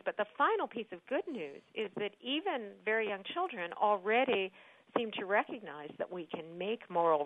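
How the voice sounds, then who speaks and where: A woman speaking as an expert guest on a radio show, explaining things in a thoughtful, measured way with frequent hesitations. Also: mid-range voice, no room sound. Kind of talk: explanatory radio interview answers. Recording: dry, narrowband phone-like line.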